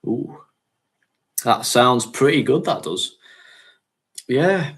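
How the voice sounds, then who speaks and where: This is a man, talking casually on a livestream. He rambles in a chatty way, laughs often, and sits at an ordinary middle pitch. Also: animated, drawn-out words, a bit bright. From North West England. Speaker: fragrance channel host.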